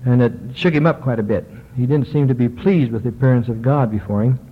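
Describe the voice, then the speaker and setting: A man giving a religious lecture, reading old texts aloud slowly and measuredly, with small hesitations. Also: medium pitch, husky. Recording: tinny lo-fi recording, long hall reverb.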